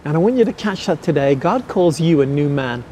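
Man, middle-aged, earnest sermon, slows for emphasis, mellow tone, slightly high pitch, faint traffic noise. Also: animated. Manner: earnest, repeats key phrases slowly for emphasis. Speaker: preacher. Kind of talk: sermon teaching.

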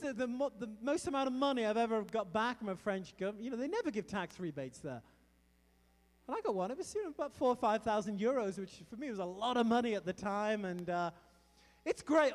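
A middle-aged man preaching a sermon, telling stories in an animated way with emphatic bursts. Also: high voice. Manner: animated storytelling with emphatic outbursts. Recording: long reverb of a large hall.

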